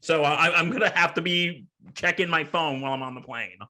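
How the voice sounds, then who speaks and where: Man, sports podcast host, casual chat, jokey, bright, slightly high voice. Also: a little fast. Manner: animated, jokey.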